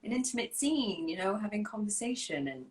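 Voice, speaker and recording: A woman's voice: mid-range voice, lively intonation, a little fast. A woman hosting a casual chat, asking questions and laughing often. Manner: warm laughing interviewer. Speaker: host.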